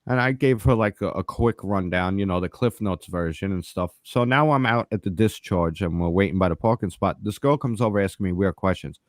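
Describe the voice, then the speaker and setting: A man's voice: low voice, a little fast, hardly any pauses, no room sound, clean studio sound. A man telling a story in casual podcast chat. He swears constantly and acts out the other people's lines. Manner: profane and animated, acts out the voices of others.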